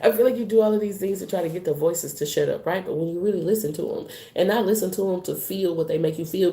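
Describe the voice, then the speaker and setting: A woman's voice: mid-range voice, dark tone. A woman giving a live tarot card reading in a casual, slangy, rambling way. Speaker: tarot reader. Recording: roomy echo.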